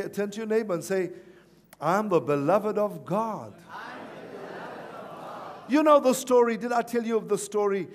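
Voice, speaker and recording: A male pastor preaching a sermon at a church service, animated and repeatedly calling on the congregation to respond. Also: high voice, a little hiss or hum. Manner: animated, calls for audience response.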